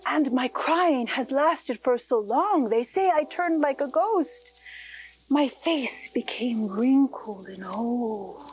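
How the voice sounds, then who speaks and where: A high-pitched woman's voice tells a first-person story as a weeping ghost mother whose children are gone. Her pace is slow and sorrowful, broken by sighs and soft whispers.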